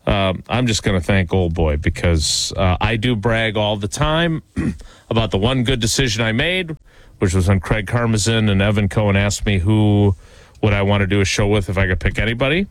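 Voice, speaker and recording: A man's voice: fairly low pitch, moderate pace, no room sound. A man hosting a casual talk show, thanking listeners and teasing his co-host in a wry way. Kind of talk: casual chat.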